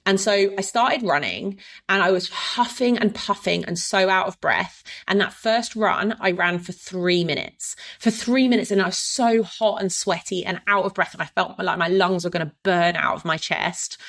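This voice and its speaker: A woman's voice: mid-range voice, moderate pace, a bit bright. A woman, a fitness coach hosting a podcast, telling her own story in a candid, casual way and swearing now and then. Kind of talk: personal storytelling monologue.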